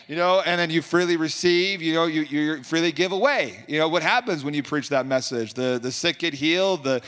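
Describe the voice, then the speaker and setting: A man's voice: a little high, fairly quick, hardly any pauses, fairly bright tone, smooth, in a large hall. A man telling a faith testimony in a casual, rambling way, with many fillers and restarts. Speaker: Christian minister telling a testimony.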